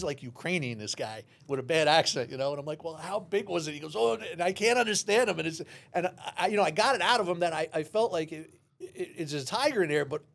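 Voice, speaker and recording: A man, a former police officer, telling a lively story in an interview and acting out the voices. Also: on the high side. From New York City. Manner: animated storyteller, acts out dialogue, many restarts.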